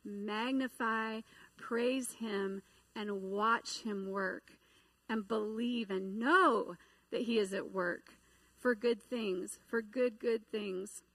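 A middle-aged woman giving a sermon, telling a personal story in an animated way and acting out the voices she quotes. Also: medium pitch, slow, no room sound, rough recording. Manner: animated, acts out quoted voices and inner dialogue. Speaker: preacher.

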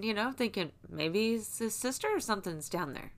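A woman's voice: medium pitch, expressive, normal speed. A woman in her thirties telling rambling stories in a casual, profane, chatty way to her viewers. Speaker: vlogger. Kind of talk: casual storytelling.

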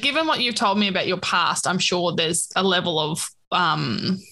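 A woman's voice: on the low side, lively intonation, moderate pace, pushed and bright. A woman co-hosting a podcast in casual chat, playful, often laughing and trailing off mid-sentence. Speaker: podcast co-host.

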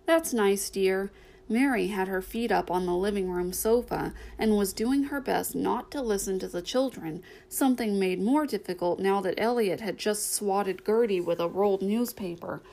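A woman's voice: mid-range voice, normal speed, gravelly, hardly any pauses, warm tone, rough recording. Woman narrating a novel aloud. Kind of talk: audiobook reading.

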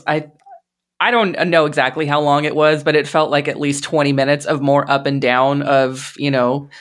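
Woman podcast host, casual movie recap, swears a lot, laughs at how dumb it is. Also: sits low. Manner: swears freely, laughing in disbelief.

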